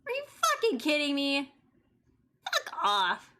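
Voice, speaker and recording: Young woman, streamer, slow-paced, wide swings in pitch, swearing outbursts. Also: wildly swooping pitch. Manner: loud, swearing, frustrated outbursts. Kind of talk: live gameplay commentary. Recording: faint game music behind.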